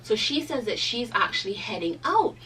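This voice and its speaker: A young woman telling a storytime in a chatty, animated way, full of "like" fillers. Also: a little high, moderate pace, far from the mic, slight background noise, rough recording. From Cayman Islands. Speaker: vlogger. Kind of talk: casual storytime.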